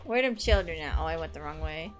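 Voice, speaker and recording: A woman streaming a video game live, excitable, quick to laugh and casual in her speech. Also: sits low, music in the background. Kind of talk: live game commentary and reading dialogue aloud.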